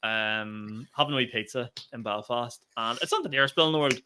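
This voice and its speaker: Male comedian, quick and bright, cheeky anecdote-teller. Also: medium pitch, clean tone. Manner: animated storytelling, swears freely. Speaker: podcast co-host and stand-up comedian. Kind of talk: casual chat.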